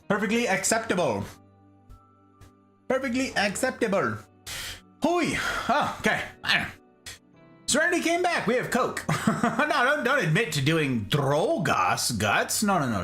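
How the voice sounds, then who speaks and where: A man's voice: high voice, fairly bright tone. A man hosting a casual livestream, greeting viewers by name in a playful, theatrical, sing-song way. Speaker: livestream host.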